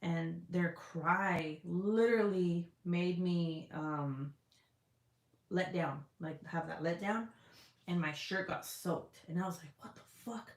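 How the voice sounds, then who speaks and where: A woman's voice: lowish voice, steady tone, takes it slowly, creaky. A woman chatting casually with her livestream audience, candid and chatty, swearing freely as she talks. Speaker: livestream host. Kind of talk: casual chat. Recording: roomy echo.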